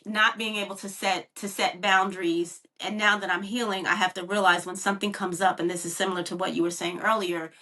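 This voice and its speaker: A woman podcast guest speaking candidly and haltingly, often acting out her own inner self-talk. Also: mid-range voice, fairly even intonation, bright, forceful tone, recorded from a distance. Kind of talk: casual testimony.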